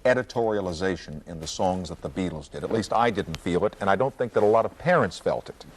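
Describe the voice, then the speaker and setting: A man hosting a television talk show, asking measured, probing questions. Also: low voice, expressive, slight background noise. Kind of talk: television interview.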